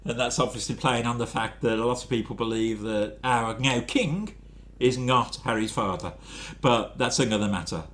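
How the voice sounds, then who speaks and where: A man's voice: medium pitch, normal speed, a bit bright. An English man talks loosely about his short comic poems and reads them out. His humour is dry and self-deprecating, and he wanders into rambling asides. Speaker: poet. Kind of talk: casual spoken-word talk reading short comic poems.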